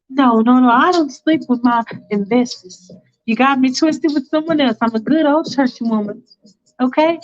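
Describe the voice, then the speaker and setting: A woman voicing a brash, sharp-tongued churchgoing businesswoman who turns cold and defiant. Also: high voice, voice pushed up, lightly acted. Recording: dull lo-fi recording.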